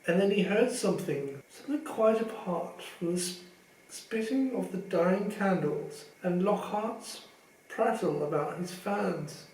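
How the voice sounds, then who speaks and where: A man reading a novel aloud in a measured, expressive storytelling manner. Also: high voice, reverberant, distant mic, poor audio. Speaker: audiobook reader. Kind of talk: fan audiobook narration.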